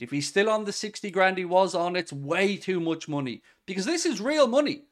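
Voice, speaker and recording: A man in his forties hosting a football fan podcast, talking in a frustrated, swearing rant with sudden loud outbursts. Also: on the high side. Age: 40s. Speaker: podcast host.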